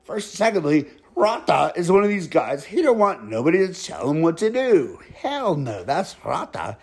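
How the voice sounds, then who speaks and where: Casual, chuckling male yarn-spinner, high and lively voice. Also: normal speed, vocal fry, husky. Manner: chuckles often, profane, casual. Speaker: storyteller. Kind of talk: comedic spoken storytelling.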